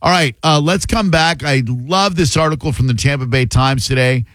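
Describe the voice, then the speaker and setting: A man's voice: mid-range voice, normal speed, fairly bright tone, no echo. A man hosting a casual radio talk show, joking around loosely with a laugh in his voice, on a studio mic. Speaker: radio host.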